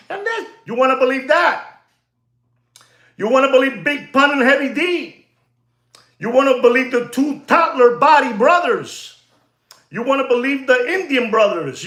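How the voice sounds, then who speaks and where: A man's voice: extremely high pitch, bright, forceful tone, roomy sound. A man hosting a livestream as a watch dealer, ranting emphatically, repeating himself and dropping Spanish phrases.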